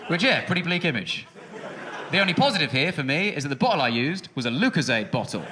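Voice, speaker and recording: A man in his thirties doing a stand-up comedy set on a music hall stage, talking in a quick, sardonic way with sudden high outbursts. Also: sing-song, heavy background noise. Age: 30s. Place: music hall stage before a live audience.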